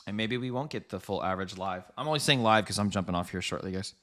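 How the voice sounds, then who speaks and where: Man, fairly low voice, casual live market commentary, chatty, laughing often, talking straight to viewers. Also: quick pace, fairly bright tone. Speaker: trading livestream host.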